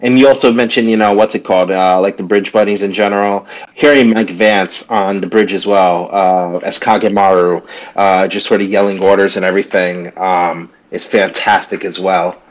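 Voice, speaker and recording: A man talks casually on a podcast, full of fillers and relaxed swearing. His voice sits a little lower than most men's. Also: moderate pace, poor audio. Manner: laid-back, filler-heavy, swears casually. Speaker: podcast co-host.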